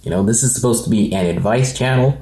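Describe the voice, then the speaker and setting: A man's voice: medium pitch, fast talker, mellow, reverberant. A man in his twenties talking earnestly in a personal vlog, rambling with many fillers and restarts. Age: 20s. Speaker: motivational channel host.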